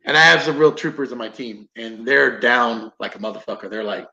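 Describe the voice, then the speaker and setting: A man's voice: mid-range voice, fairly even intonation, quick pace, creaky, few pauses, sharp tone. A man, a podcast guest, telling a story casually with plenty of swearing and acted-out quotes. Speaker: podcast guest, combatives instructor. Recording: roomy, dull lo-fi sound.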